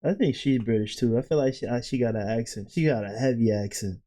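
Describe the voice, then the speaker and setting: A man's voice: mid-range voice, quick pace, warm tone. A man on a reaction panel, thinking aloud and hedging his guesses in casual chat.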